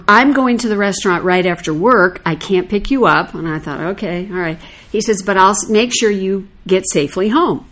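Older woman, animated anecdotal storyteller, casual chat. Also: mid-range voice. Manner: animated anecdotal storyteller, acts out quoted lines.

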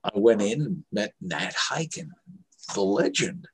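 A man's voice: on the low side, lively intonation, background noise. An older man, a veteran actor, telling anecdotes in an interview and acting out the voices of people he quotes. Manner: slow, anecdotal, acts out quoted voices, chuckles. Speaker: actor guest. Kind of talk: storytelling interview.

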